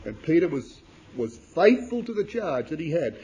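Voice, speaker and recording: A man preaching a sermon to brothers and sisters, reading scripture in King James wording and swinging from loud emphatic declamation to low, quiet asides. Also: sing-song, moderate pace, dull audio. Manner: addresses listeners as brothers and sisters.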